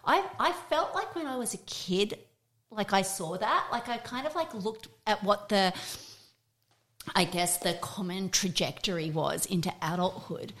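A woman's voice: medium pitch, expressive, unhurried, a bit bright. A woman in her fifties, a guest, telling stories in a reflective, casual way with many fillers. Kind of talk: casual chat.

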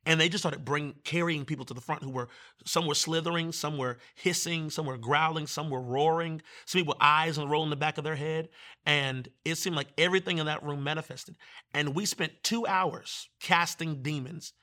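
At a normal speed and fairly high pitch, a guest minister from Virginia relays his testimony in conversation. His manner is animated, and he acts out each voice he quotes.

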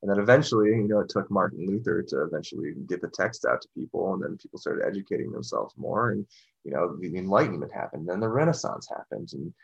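A man with a husky, fairly low voice talks in a loose, rambling way, circling back with "you know" and restarts. The recording sounds dull and lo-fi. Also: lively intonation, quick pace. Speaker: podcast discussion guest. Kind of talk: casual discussion.

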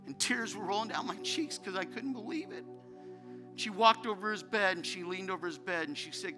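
Man, pastor, sermon, emotional storytelling, high voice, music underneath. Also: expressive, normal speed. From United States. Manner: emotional storytelling, rising to fervent preaching. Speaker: pastor, guest speaker.

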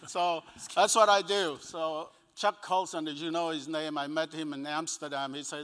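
A man's voice: on the high side, fairly even intonation, normal speed, sharp tone. An older man with a Cambodian accent, an evangelist telling a personal story in an interview, often chuckling and acting out what people said. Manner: chuckles between sentences, acts out quoted dialogue. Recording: long echoey reverb.

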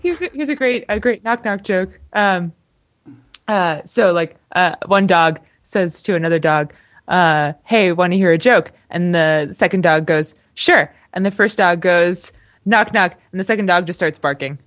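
A woman's voice: on the low side, normal speed. A young woman co-hosting a podcast, chatting casually and laughing often as she rambles. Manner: giggly, rambling. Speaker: podcast co-host. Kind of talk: casual chat.

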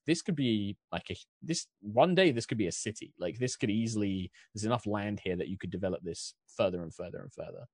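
A man's voice: fairly low pitch, fairly quick, few pauses, darkish tone, no echo, studio quality. A man narrating as dungeon master, describing scenes in a rambling way full of fillers. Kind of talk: narrating a tabletop game.

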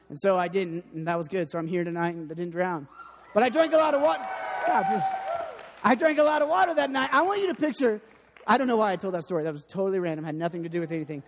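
High-voiced young male preacher. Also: fast talker. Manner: animated storytelling, self-deprecating. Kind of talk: sermon. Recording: long hall reverb.

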